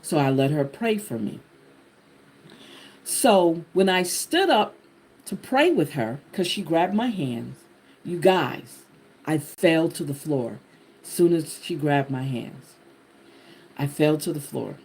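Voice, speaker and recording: A woman host telling a personal testimony to her viewers in an animated, expressive way, talking to them directly. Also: low voice, slow pace, long pauses, slightly rough. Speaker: channel host sharing a personal story.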